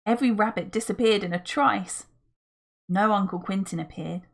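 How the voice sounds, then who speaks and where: A woman's voice: medium pitch, moderate pace, gravelly. A woman reading a children's adventure book aloud as a narrator, telling the story expressively. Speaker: audiobook reader.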